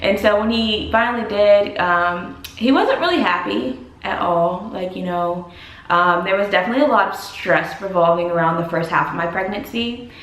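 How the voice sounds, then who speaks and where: A woman's voice: medium pitch, moderate pace. A young woman telling a personal story as a vlogger, chatty and full of "like", acting out what others said. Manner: chatty, heavy use of "like", animated quoting of others. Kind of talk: casual storytime vlog. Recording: roomy echo.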